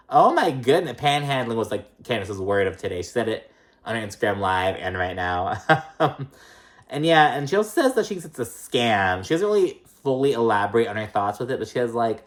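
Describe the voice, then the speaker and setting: Recap vlogger: casual, profane, filler-heavy, mid-range voice, animated when mimicking the cast. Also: medium pitch. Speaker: reality TV recap host. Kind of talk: casual gossipy episode recap.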